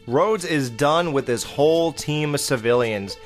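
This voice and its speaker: A man's voice: on the high side, animated, measured pace, faint music behind. A man in a casual horror-film review monologue, blunt and profane, exclaiming and mocking the characters. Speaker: podcast host reviewing horror films.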